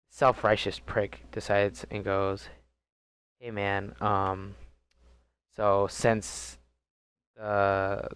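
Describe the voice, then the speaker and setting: Young male vlogger, low smooth voice, rambling profane storyteller. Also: no echo. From DC, Maryland and Virginia area. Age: young adult. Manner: casual, rambling, profane, with many fillers and restarts. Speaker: gaming vlogger. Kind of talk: storytime vlog.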